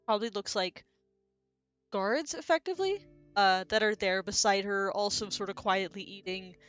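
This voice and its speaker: A woman's voice: mid-range voice, normal speed, a bit bright, clear, resonant tone, dull audio, soft background music. A woman acting as game master, describing scenes loosely and with many fillers. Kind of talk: narrating a tabletop game.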